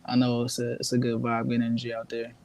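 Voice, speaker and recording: Male musician guest from New Jersey, gravelly, laid-back, loose and filler-heavy. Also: mid-range voice, completely flat delivery, fast, a little mellow, low-quality recording. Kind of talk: casual interview chat.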